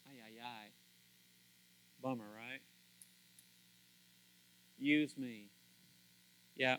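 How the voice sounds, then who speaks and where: A man preaching a sermon as pastor, animated and acting out little dialogues with swings from loud to soft. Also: mid-range voice, slow, pauses often, clear, resonant tone, rough recording. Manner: animated, acts out quoted dialogue, big swings in loudness.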